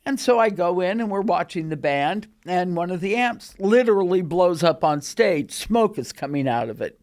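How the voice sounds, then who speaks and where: Older woman telling animated stories. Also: on the low side, normal speed. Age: 80s. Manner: animated, acts out quoted voices. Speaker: guest recalling her career. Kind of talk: casual storytelling. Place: recording studio.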